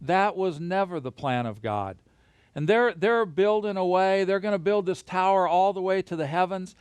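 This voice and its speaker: A man teaching a Bible lesson to a camera, animated and playful, leading hand motions. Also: sits high, moderate pace, clear, resonant tone, dry recording. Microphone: camera mic.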